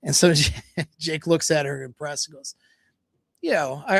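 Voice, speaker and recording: A man's voice: fairly high pitch, moderate pace, creaky, a bit bright, no room sound. A man talking as a dating coach on a livestream, retelling a story in a loose, rambling way with many fillers and quoted dialogue.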